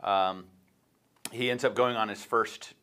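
A man's voice: fairly low pitch, fairly even intonation, measured pace, sharp tone, smooth. A man hosting a casual morning talk show, rambling as he retells a book with lots of fillers and restarts. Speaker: show host.

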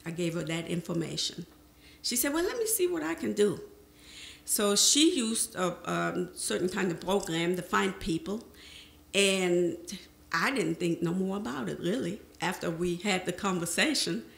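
A middle-aged woman recounting her life story before an audience, slipping into the voices of the people in her memories. Her voice has a gravelly edge, and the room around her rings with echo. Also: on the low side, measured pace. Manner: lively storyteller who acts out remembered conversations. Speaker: panel speaker sharing her life history. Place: presentation room.

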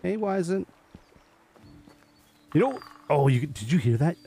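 A man's voice: fairly high pitch, big pitch swings, unhurried, mellow, slightly rough. A man giving casual gameplay commentary, chatting to the animals he meets and laughing often as he plays. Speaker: gaming video host.

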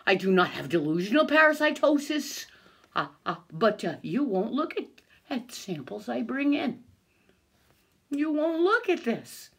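An older woman talks to her camera in an agitated, swearing rant. Her voice swings widely in pitch while she speaks slowly, stumbling over restarts. Bitter little laughs cut through her anger. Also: very animated, sharp tone, breathy edge. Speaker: vlogger filming herself. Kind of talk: angry self-filmed rant.

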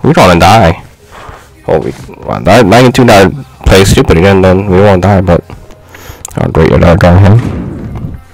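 A young man giving casual gameplay commentary, frustrated and slangy, yelling at his teammates. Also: low-pitched, moderate pace, gravelly, no echo, poor audio. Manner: frustrated, exclaiming, slangy trash talk. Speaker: gaming YouTuber.

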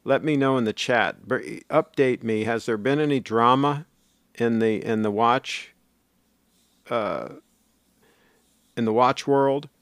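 A man's voice: mid-range voice, slow, pauses often, fairly bright tone, no echo, studio quality. A middle-aged man hosting a casual livestream, reading viewer comments aloud and rambling on in a chatty, self-correcting way.

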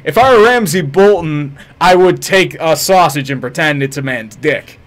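A man's voice: on the high side, lively intonation, moderate pace, fairly bright tone. A man live-streaming a game, swearing, joking with viewers and hurling mock-heroic taunts at enemies. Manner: profane, jokey, chats with viewers. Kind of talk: casual live-stream commentary.

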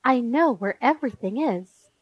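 A woman voicing a calm, busy mother in a storybook reading. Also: on the high side, normal speed, husky, dry recording, poor audio. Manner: calm, relaxed.

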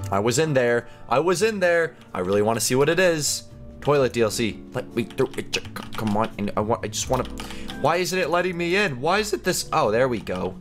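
A young man giving casual, goofy commentary while playing a game, chatty and quick to laugh and react. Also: on the high side. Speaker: gaming YouTuber.

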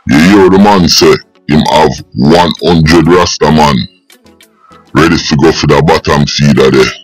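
A Jamaican-accented man hosting his channel, giving slow, serious commentary. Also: very deep voice, faint music behind, low-quality recording. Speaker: channel host.

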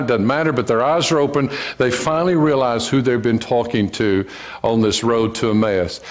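A man preaching a sermon in a church, with a folksy, joking way of talking to the congregation. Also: medium pitch. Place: church sanctuary.

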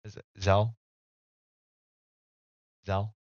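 A man's voice: on the low side, level tone, extremely slow, no room sound. A young man streaming live, rambling casually and joking with his chat. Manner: rambling, self-mocking, talks to chat. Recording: dull dry home mic audio.

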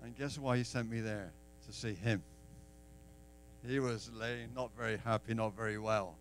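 A man's voice: lowish voice, steady tone, normal speed, a little hiss or hum, low-quality recording. A man from England with an English accent giving a personal testimony at a church open mic, acting out the dialogue in his story. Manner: storyteller who acts out quoted dialogue.

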